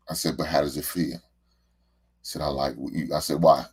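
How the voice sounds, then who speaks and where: A man's voice: a bass voice, steady tone, brisk, darkish tone, slightly rough. A middle-aged man, a show host and father, talking in a casual, heartfelt monologue and often repeating words as he rambles.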